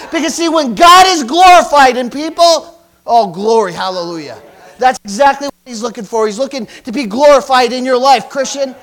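A man's voice: very high-pitched, normal speed, a bit bright. A male pastor preaching a fervent sermon, calling out hallelujahs and repeating lines for emphasis.

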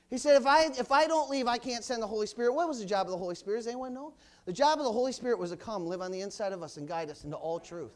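High-voiced loud fiery male preacher. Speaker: pastor. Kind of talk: sermon. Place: church.

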